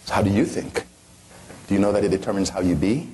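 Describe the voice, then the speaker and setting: A motivational speaker's low, mellow voice moves at a quick pace through an impassioned talk to an audience, with a little hiss or hum audible. He presses his message using rhetorical questions and broad swings in pitch.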